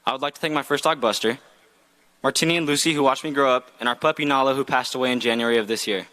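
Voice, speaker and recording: A man's voice: mid-range voice, fast, sharp tone. A young man, a graduating student, giving an earnest, heartfelt graduation speech read from a script. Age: young adult. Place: outdoor graduation ceremony.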